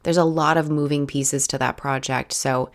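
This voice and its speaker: A young woman with a head cold and a raspy voice, chatting casually in a rambling voiceover for her art video. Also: low voice, fairly even intonation, moderate pace. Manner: rambling, casual, many "like"s and restarts. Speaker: art channel host.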